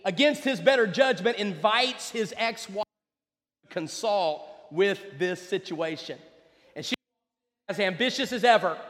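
A man delivers a sermon with a noticeably high-pitched voice. He talks in a conversational way and speaks directly to the congregation. His voice rings out with a long reverb, as if in a large hall. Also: fairly bright tone. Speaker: preacher.

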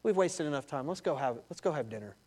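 Man voicing a tired, forgiving mom, soft and low. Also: expressive, quick pace. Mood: gentle. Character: weary mother, gently calming her sons.

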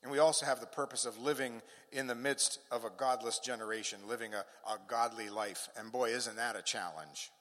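A man's voice: medium pitch, a little fast, hardly any pauses, fairly bright tone. A man preaching a sermon, emphatic, with rising and falling cadence and touches of humor. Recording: long hall reverb.

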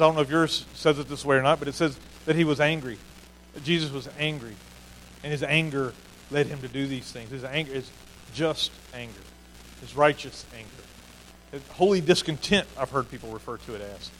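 A man's voice: mid-range voice, slight background noise, rough recording. A man preaching a sermon in an earnest way, often repeating key phrases for emphasis. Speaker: pastor.

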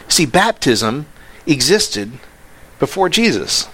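A man preaching a sermon, excitable, swinging from near-yelling down to low, quiet stretches. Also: unhurried. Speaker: pastor.

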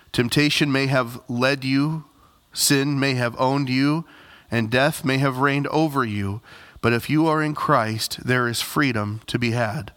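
A man's voice: mid-range voice, pushed and bright. A male pastor preaching a sermon, earnest, building to emphatic repeated phrases and addressing the congregation directly.

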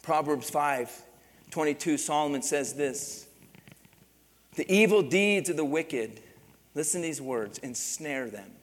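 A pastor delivers a sermon in a fairly high male voice, driving his points home through repetition and calls to the congregation. The sound carries the long reverb of a church sanctuary. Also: animated, unhurried. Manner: preaching with rising, emphatic repetition and calls to the congregation.

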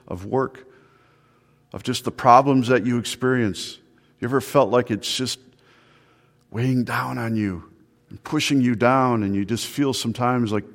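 A male pastor preaching an earnest sermon, often repeating words and asking the listeners questions. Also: medium pitch. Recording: long hall reverb.

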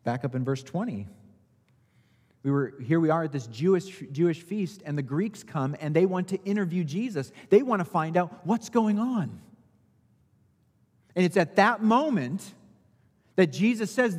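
Male pastor, sermon delivery, slightly high, husky voice, long reverb. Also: lively intonation, unhurried. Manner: rhetorical questions, rising and falling emphasis.

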